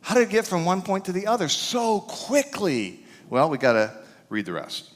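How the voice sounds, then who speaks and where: A man preaching to his congregation in a lively, swinging voice pitched a little high. He bursts into shouts for emphasis, then drops to a hushed aside. His voice carries a long reverb through the sanctuary. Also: normal speed. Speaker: pastor. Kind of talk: sermon. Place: church sanctuary.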